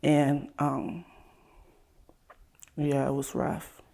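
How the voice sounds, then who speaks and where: A woman from Ohio, a guest in an interview, speaking candidly and casually, her voice sometimes trailing off softly. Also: a bass voice, little pitch movement, very slow, vocal fry. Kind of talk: emotional personal interview.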